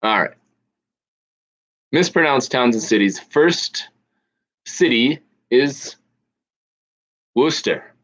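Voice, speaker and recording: A man hosting an online trivia night, reading out questions slowly with pauses and fillers. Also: mid-range voice, expressive, a bit bright. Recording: dull lo-fi audio.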